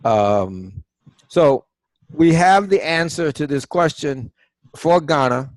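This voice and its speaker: A man's voice: a little high, expressive, slow pace, no echo. A man teaching an online class over a video call, quizzing and coaxing his students in a conversational way.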